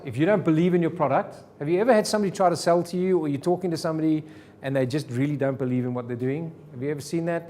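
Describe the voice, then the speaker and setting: A man's voice: mid-range voice, mellow, a little hiss or hum. A man teaching a sales seminar to a live audience, firing rhetorical questions at the room. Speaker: sales trainer.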